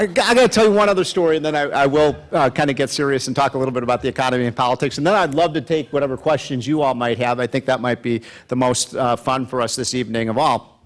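A man of middling pitch speaks to a live audience, spinning anecdotes in a loose, chatty way. He stumbles and restarts often and leans on fillers as he talks. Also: fast. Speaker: speaker at an event. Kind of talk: after-dinner speech with jokes.

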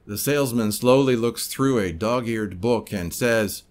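A man's voice: on the low side, measured pace, hardly any pauses. A man hosting a commentary podcast, talking in a conversational, editorializing way. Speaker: podcast host.

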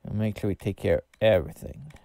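A man's voice: lowish voice, expressive, fast, vocal fry, mellow, no echo. A man casually commenting while he plays a game, rambling and thinking aloud with plenty of fillers. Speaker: streamer.

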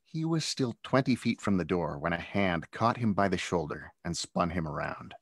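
A man's voice: sits low, expressive, normal speed, no room sound, studio quality. A man, an author, reading his own children's adventure book aloud as narrator. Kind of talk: storybook read-aloud narration.

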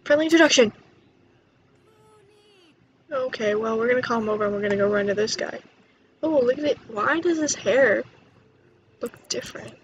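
A young woman chatting excitedly while playing a life-sim game, quick to gasp and exclaim. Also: on the high side, a little hiss or hum, poor audio. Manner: excitable, chatty, gasps and laughs. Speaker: gaming YouTuber. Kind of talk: let's play commentary.

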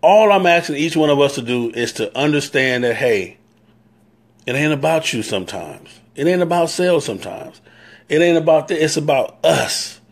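A motorcycle club leader with a Southern US accent talks directly to viewers on a live stream, his voice a little higher than most men's and edged with breath. He works the same point over and over in a plain, earnest way, often breaking off to greet people by name.

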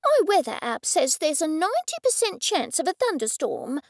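A woman voicing a sincere, eccentric hostess who speaks gently and earnestly. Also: high-pitched, huge pitch swings, normal speed, dry recording, studio quality, voice pushed up, full character voice. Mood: consoling. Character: sincere, soothing eccentric woman hosting a dinner.

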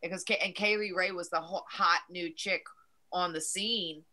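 A woman wrestler, a guest on a talk show, speaking earnestly and warmly in casual chat. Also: on the low side, fairly even intonation, moderate pace. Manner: earnest, heartfelt.

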